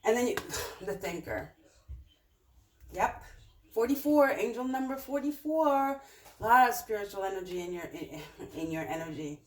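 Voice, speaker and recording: A woman's voice: mid-range voice, expressive, moderate pace, pauses often, far from the mic. A woman giving a casual, rambling tarot reading, talking directly to her viewers with many fillers. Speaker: tarot reader. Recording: roomy, off-mic with faint noise.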